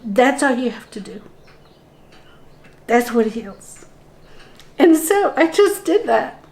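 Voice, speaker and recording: A woman's voice: fairly high pitch, very animated, darkish tone. A middle-aged woman, a spiritual guide, telling her own story earnestly in a conversation and acting out the dialogue as she goes. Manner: slow, earnest telling that replays dialogue in the moment. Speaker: spiritual guide and interview guest.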